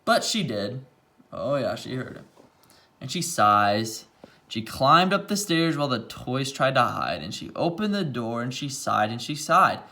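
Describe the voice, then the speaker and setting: A man reading a rhyming picture book aloud, pausing now and then for quiet asides about the pages. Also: mid-range voice, sing-song.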